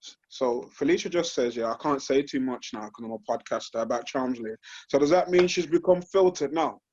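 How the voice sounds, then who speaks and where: A man's voice: mid-range voice, fairly quick, darkish tone, dull audio. A man hosting a casual chat, bantering and swearing freely. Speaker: host. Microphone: video call.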